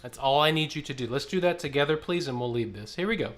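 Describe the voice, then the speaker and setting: A man's voice: fairly high pitch, expressive, quick pace, over music. Man leading a choir rehearsal. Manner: counts and speaks syllables aloud, then sings demonstration lines. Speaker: choir director.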